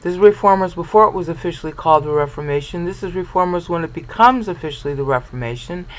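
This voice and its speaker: A man's voice: fairly high pitch, quick pace, poor audio. A man giving an explanatory Bible study lecture, talking in a discursive way and often checking in with the listener. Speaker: Bible teacher.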